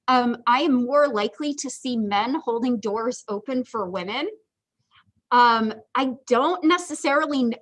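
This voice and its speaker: Chatty high-voiced woman lecturing. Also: fairly bright tone, rough recording. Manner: chatty, joking asides, lots of ums. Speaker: psychology instructor. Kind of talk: casual livestream lecture.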